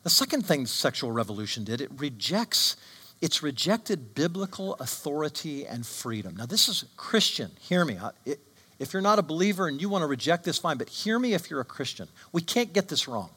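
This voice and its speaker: A man's voice: on the high side, very animated, fairly quick, sharp tone, breathy edge. A man preaching a sermon with emphatic delivery and frequent rhetorical questions. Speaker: pastor.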